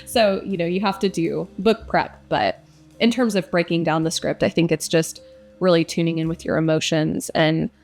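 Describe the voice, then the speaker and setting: A woman's voice: fairly low pitch, steady tone, moderate pace, darkish tone, faint music behind. A young woman who narrates audiobooks, answering interview questions in a casual, reflective way with frequent fillers.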